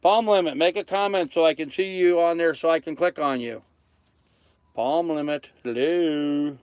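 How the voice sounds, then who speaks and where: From the cockpit of his sailboat, a man in his thirties hosts a casual livestream, chatting, reading comments, and thanking viewers by name. His voice is a little high, smooth, and darkish, at a normal speed, on a dry recording.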